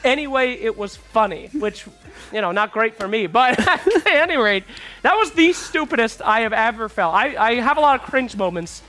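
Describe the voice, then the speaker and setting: Lively, bright-voiced male esports host. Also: extremely high pitch, normal speed. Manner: animated storyteller, swears freely. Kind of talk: casual panel chat.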